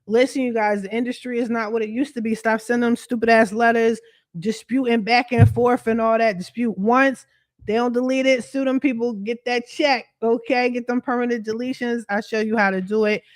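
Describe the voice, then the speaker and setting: A woman's voice: a little high, steady tone, a little fast. Blunt, profane woman ranting on a livestream. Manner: blunt, profane, fired-up venting; streetwise slang, addresses viewers directly. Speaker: credit repair coach. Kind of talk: livestream rant to followers.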